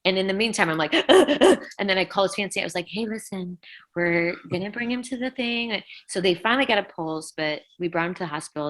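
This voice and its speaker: A middle-aged woman, a former band singer, telling an emotional story in an interview, halting, with many fillers. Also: lowish voice, a bit bright.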